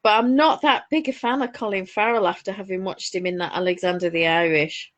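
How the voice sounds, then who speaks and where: A woman's voice: mid-range voice, a little fast, fairly bright tone. A woman with a Northern English accent, co-hosting a knitting chat, telling stories with rambling asides. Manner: chatty storyteller, rambling asides. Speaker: podcast co-host. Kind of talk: casual chat while knitting.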